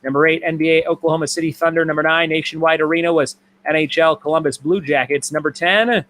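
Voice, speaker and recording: A trivia host with a slightly high, somewhat bright voice runs a live-streamed trivia night, talking fast in a steady tone. He reads out questions and answers as lists and repeats them for the players.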